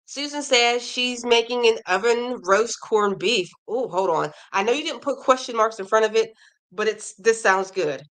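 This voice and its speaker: Woman, crochet livestream host, casual chat, reads comments aloud, lively reactions. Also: on the high side, normal speed.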